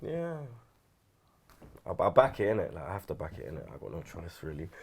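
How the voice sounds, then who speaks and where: A man talks in loose, slang-heavy chat, often closing his points with a quick question to his co-host. His pitch leaps around a lot. He sounds like he is sitting in an indoor studio. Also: huge pitch swings, gravelly, breathy edge. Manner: slangy, tags lines with rhetorical questions. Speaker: regular guest on a fan show. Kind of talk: casual chat.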